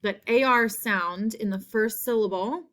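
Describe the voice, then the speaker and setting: A woman teaches spelling to young children, saying each word over several times in a patient way. Her voice sits a little high. She keeps an unhurried pace. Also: fairly bright tone.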